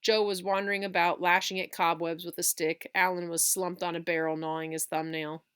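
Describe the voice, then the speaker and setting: A woman reading a children's chapter book aloud, with expressive storytelling. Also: fairly low pitch, a little fast, smooth.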